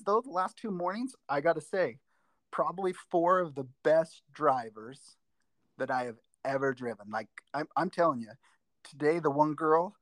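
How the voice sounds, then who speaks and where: A man's voice: mid-range voice, fairly bright tone, no echo. Guy who teaches driver's ed, rambling through a story, lots of restarts, dry close sound. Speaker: driver's ed instructor and school teacher. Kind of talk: casual podcast chat, storytelling.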